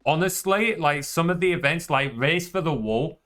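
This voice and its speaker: A man's voice: a little high, moderate pace, a bit bright. A young man with a Yorkshire accent, chatting casually as a streamer, laid-back and swearing freely. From northern England. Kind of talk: casual chat.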